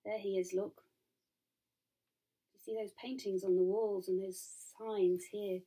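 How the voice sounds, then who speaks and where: A woman's voice: medium pitch, level tone, unhurried, dark tone. A woman, a children's author, reading her picture book aloud and talking to young listeners about the pictures. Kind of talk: storybook read-aloud for children.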